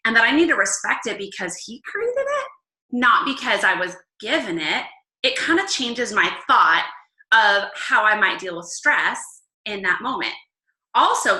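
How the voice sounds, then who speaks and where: A woman leading a casual Bible study talk, chatty and upbeat, laughing often and filling pauses with "um.". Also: mid-range voice, big pitch swings, bright, forceful tone, roomy sound, low-quality recording.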